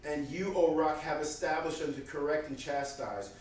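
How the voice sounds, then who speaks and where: Animated male preacher, high voice, boomy hall sound. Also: normal speed. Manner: animated, acts out voices of God and prophets. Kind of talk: sermon. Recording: echoey room from far off.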